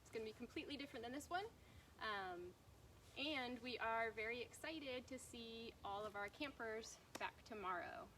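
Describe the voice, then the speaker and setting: A woman educator speaks upbeat, brief lines on a casual nature live stream. Her voice is a little high and sounds set back from the mic, with clear noise in the background. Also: normal speed, pushed and bright. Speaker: nature center camp educator. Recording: distant from the mic, noisy.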